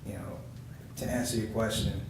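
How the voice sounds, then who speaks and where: A man in his forties, a comedian on a panel, telling stories in an animated way and acting out the voices of people he quotes. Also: fairly low pitch, moderate pace. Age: 40s. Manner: animated storyteller who acts out quoted voices with laughter. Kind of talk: storytelling panel talk. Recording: echoey hall from far off with noise.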